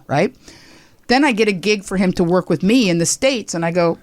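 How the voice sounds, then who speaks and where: A woman's voice: on the low side, normal speed, no echo. A woman in her sixties, a comedian telling a story as a podcast guest, acting out the people she quotes. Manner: animated, acts out quoted people.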